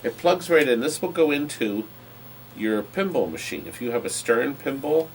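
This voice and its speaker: A man's voice: mid-range voice, lively intonation, moderate pace, slight background noise, rough recording. A man hosting a live online auction stream, joking while describing items up close.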